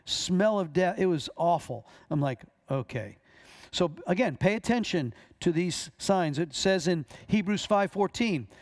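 A middle-aged man teaching a class on deliverance ministry, telling animated stories and acting out the voices in them. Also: on the high side. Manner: animated storyteller, acts out voices in his stories.

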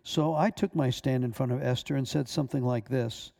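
A man who is a minister, reading a personal testimony aloud in a measured way, with small stumbles. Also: medium pitch, creaky, warm tone.

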